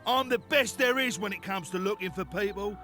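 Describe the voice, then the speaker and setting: An actor playing a gruff, loyal bandit sidekick, brash and boastful. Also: male voice, high voice, a little fast, over music, close to an everyday voice. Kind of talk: game voice acting.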